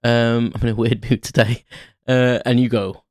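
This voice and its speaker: A man's voice: lowish voice, little pitch movement, fairly quick, gravelly, dry recording, studio quality. A man hosting a podcast, rambling in a casual solo monologue with lots of fillers and self-mocking asides. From Ireland. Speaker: podcast host.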